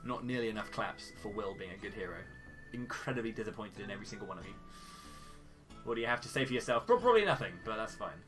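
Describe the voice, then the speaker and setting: A man's voice: on the low side, animated, quick pace, over music. A man commenting playfully and jokily on his own live game speedrun. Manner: jokey, playful, theatrical.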